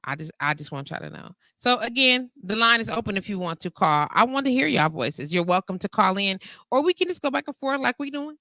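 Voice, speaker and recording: In a mid-range voice, a woman in her 40s speaks briskly with few pauses and no room sound. Hosting a casual live internet radio call-in show, she's candid and animated, laughs a lot, and reads listener comments out loud.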